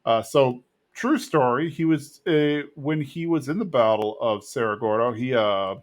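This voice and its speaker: A man from Texas talks through a TV episode on his podcast. He is casual and rambling, with plenty of fillers and small laughs. His voice sits at an ordinary middle pitch. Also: measured pace. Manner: chatty and rambling, with fillers and chuckles. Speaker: podcast host.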